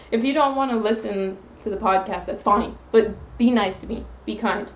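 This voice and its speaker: A woman's voice: mid-range voice, normal speed, reverberant, slight background noise, rough recording. A woman hosting her own podcast alone, talking earnestly into her phone and rambling through self-affirmations. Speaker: podcast host. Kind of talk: solo podcast monologue.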